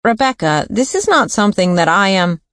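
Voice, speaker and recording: An audiobook thriller's male pathologist, as a woman narrator voices him: high and nasal, formal and careful, a little hesitant. His voice lifts well above hers and sits dry and close. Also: very animated, brisk, fairly bright tone, smooth, no room sound. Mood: uneasy. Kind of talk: audiobook character voice.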